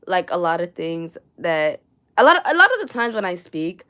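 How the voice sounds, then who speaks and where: A woman's voice: lowish voice, sing-song, normal speed, sharp tone. A young woman with a New York accent, chatting casually and rambling on a crochet livestream from her room at home, swearing now and then and reading viewer comments aloud. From New York City.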